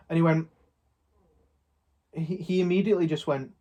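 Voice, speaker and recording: A man's voice: fairly high pitch, normal speed, a little mellow. Rambling young man telling a story. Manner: rambling, retells an argument with many quotes. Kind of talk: casual chat, storytelling.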